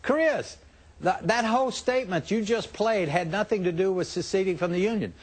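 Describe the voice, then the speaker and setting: Defiant husky man debating. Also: high-pitched, a little fast. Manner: forceful, defiant, insistent. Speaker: political guest. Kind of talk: heated TV debate.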